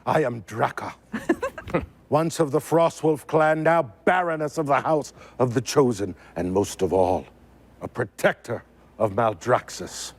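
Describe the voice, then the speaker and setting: A man voicing a proud female orc warrior baroness, declaiming slowly and rousingly. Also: medium pitch.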